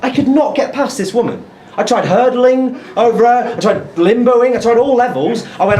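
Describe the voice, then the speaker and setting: A man's voice: high-pitched, lively intonation, normal speed, a little mellow. A young man doing a stand-up set, telling a story and acting out his own lines. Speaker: stand-up comedian. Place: comedy club stage. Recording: echoey room, audible crowd. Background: audience laughter.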